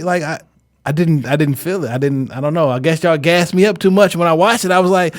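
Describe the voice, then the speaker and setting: A man co-hosting a casual podcast, his slightly raised voice carrying blunt, profane opinions. He talks with animated emphasis, pushing hard on every point. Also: fairly high pitch, a little fast. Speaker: podcast co-host. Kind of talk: casual chat.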